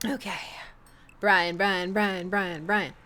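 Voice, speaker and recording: A woman's voice: medium pitch, steady tone, slow, sharp tone. A young woman streaming a dating game, reading it aloud and chatting playfully with her viewers, laughing often.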